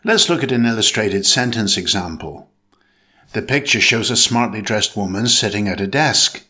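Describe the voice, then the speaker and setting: A man narrating a scripted pronunciation lesson in a slow, measured, deliberate way. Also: on the low side, expressive, sharp tone. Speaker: English pronunciation teacher.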